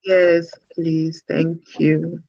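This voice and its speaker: A man's voice: a little high, little pitch movement, very slow, creaky, dark tone, no room sound. A man presenting a parenting workshop, repeating phrases and coaxing the audience to ask questions. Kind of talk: talk to parents on a call. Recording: dull, dry lo-fi audio.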